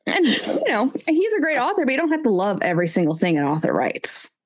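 A woman co-hosting a casual book chat, animated and self-mocking, with sudden pitch jumps when flustered. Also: fast talker, a little hiss or hum. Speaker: podcast co-host.

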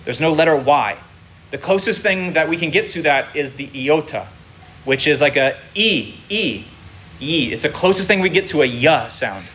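A man with a bright, forceful voice and a slightly high pitch teaches a congregation in a sermon. He explains step by step and often checks that his listeners are following. Faint room ambience sits behind him. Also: expressive, normal speed, a little hiss or hum.

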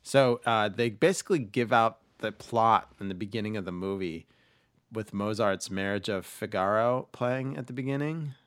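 In clean, dry studio sound, a man hosting a podcast chats casually about films, rambling with frequent fillers and restarts. His voice is on the low side, clear and resonant, at a normal speed.

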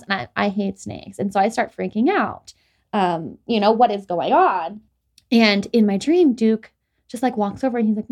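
This podcast host is a young adult woman whose mid-range voice is expressive and moves at a normal speed. Her storytelling wanders casually, filled with "like" and restarts.

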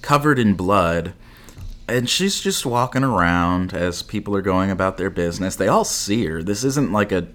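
A man's voice: sits low, animated, normal speed, fairly bright tone. A man co-hosting a casual movie review chat, retelling scenes with sarcasm and mock voices. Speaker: podcast co-host.

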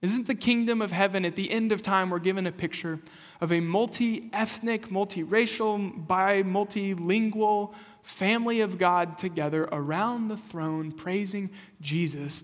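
A young adult man preaching a sermon in a church, moving from conversational storytelling to earnest exhortation. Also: high-pitched. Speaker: pastor. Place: church sanctuary. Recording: long hall reverb.

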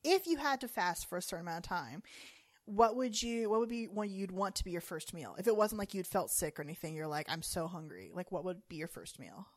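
A woman's voice: on the low side, expressive, brisk, no echo. Chatty woman with dry close sound. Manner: chatty, laughs often, tells rambling anecdotes. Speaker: podcast co-host. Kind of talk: casual chat.

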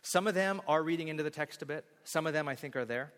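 A male pastor preaches a sermon in a church sanctuary, speaking quickly in a slightly high voice that fills a large hall. He is animated, acts out scenes, and jokes with the congregation.

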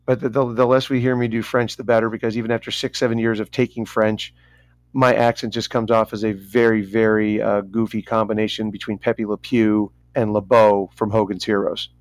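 A man's voice: on the low side, flat delivery, a little fast, no room sound. Rambling man on a podcast. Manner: rambling, stumbles over names, self-mocking asides. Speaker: podcast co-host. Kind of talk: casual chat.

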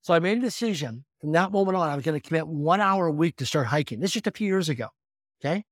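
Man in his fifties, podcast guest, quick and lively storytelling, slightly high voice, dry sound. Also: no echo. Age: 50s. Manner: energetic, animated storytelling. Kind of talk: storytelling in conversation.

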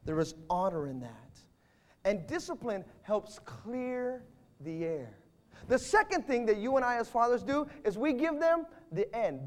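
A male preacher with a strikingly high voice delivers an animated sermon. His pitch swoops widely as he shifts between booming emphasis and soft, intimate asides. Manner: emphatic, animated preaching with sudden volume swings.

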